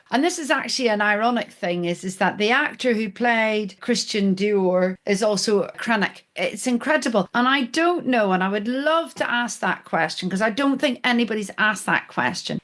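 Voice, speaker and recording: A woman's voice: medium pitch, moderate pace, hardly any pauses, fairly bright tone. A woman co-hosting a podcast in casual chat, musing aloud and backing up her co-host.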